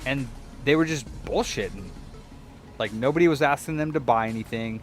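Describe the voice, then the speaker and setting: A young man chatting casually as he fixes a controller, rambling through a story, swearing and mimicking people in a higher voice. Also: moderate pace, soft background music. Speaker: repair shop vlogger. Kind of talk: casual chat while repairing a controller.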